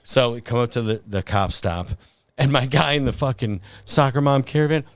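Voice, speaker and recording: A man's voice: medium pitch, expressive, normal speed. A man with a Midwestern American accent telling a rambling, profane story in casual podcast chat. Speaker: podcast host.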